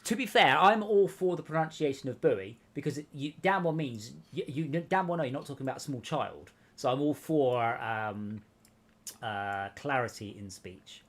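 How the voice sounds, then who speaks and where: A man with a mid-range voice and lively intonation, speaking at normal speed, hosts a game stream in casual gaming chat. He instructively talks other players through each step.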